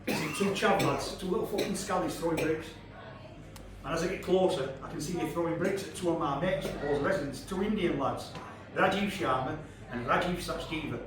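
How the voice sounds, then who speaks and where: A man in his fifties with a Yorkshire accent doing a brash, sweary stand-up set on a comedy club stage. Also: a little high. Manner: brash, sweary, crowd-teasing storytelling. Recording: echoey club, far from the mic, audience laughter.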